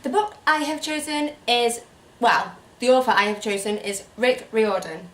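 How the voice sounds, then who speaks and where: A woman's voice: on the high side, animated, normal speed, reverberant, distant mic. A woman co-hosting a book channel in casual chat, saying "like" a lot and laughing easily. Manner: chatty, lots of "like", can't stop laughing once started.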